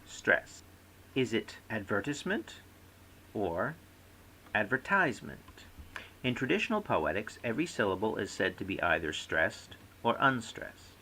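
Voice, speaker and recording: A man's voice: on the low side, sing-song, moderate pace, pushed and bright, a little hiss or hum, rough recording. A man giving a scripted recorded lecture as a course instructor, reading aloud and demonstrating word stress by example.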